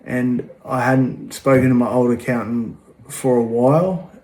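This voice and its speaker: A man's voice: medium pitch, steady tone, unhurried, a little mellow. Casting: man, plain-spoken and frank, casual delivery with many ums. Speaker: vlogger. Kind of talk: casual talk to camera.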